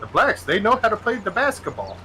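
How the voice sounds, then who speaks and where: A rambling elderly politician, as a man mimics him in a lively, bright voice that rides up and down as it wanders. He drifts earnestly from one half-thought to the next. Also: high-pitched, brisk, a little hiss or hum, pitched above the performer's own voice, exaggerated voice, low-quality recording. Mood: deadpan rambling. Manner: earnest and meandering.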